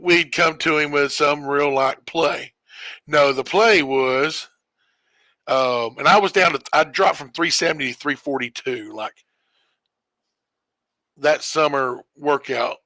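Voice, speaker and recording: Bright-voiced man rambling through a story. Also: mid-range voice, no echo. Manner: rambling, self-correcting storyteller who chuckles often. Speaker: streamer. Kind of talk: casual storytelling while gaming.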